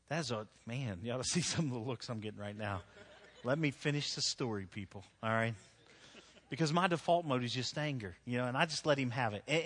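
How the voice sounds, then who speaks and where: Conversational pastor preaching in an echoing hall. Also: male voice, mid-range voice, fairly bright tone. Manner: conversational, self-deprecating storytelling with frequent restarts. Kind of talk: sermon. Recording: long echo of a large hall.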